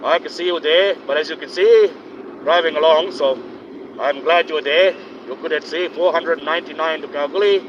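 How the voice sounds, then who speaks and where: A man chats away from behind the wheel in a rambling, opinionated live stream, playing up a put-on accent. His voice sits a little high, and the sound is muffled and lo-fi. Engine hum and road noise run steadily underneath. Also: normal speed. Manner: rambling, opinionated running commentary. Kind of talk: casual live-streamed driving chat. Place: inside a moving car on a highway.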